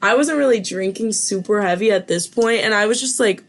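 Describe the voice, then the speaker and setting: A woman's voice: mid-range voice, fairly quick. A young woman hosting a podcast, telling family stories in a casual chat full of "like" and quoted dialogue. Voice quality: animated storyteller, lots of fillers. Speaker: podcast host.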